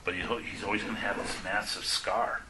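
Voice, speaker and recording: A man preaching a testimony-style sermon, telling stories and acting out the dialogue, often dropping to a hushed voice for the quoted lines. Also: on the low side, little pitch movement, moderate pace, background noise.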